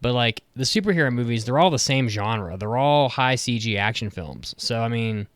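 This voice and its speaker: A man's voice: medium pitch, animated, moderate pace, a bit bright, no echo. A man co-hosting a podcast, chatting casually, blunt and swearing often. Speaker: podcast co-host. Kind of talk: casual chat.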